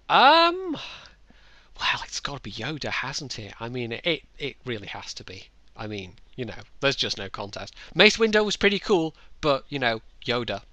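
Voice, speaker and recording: A man casually answering viewer questions in a relaxed, hesitant way, with frequent ums and restarts. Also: mid-range voice. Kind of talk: casual Q&A chat.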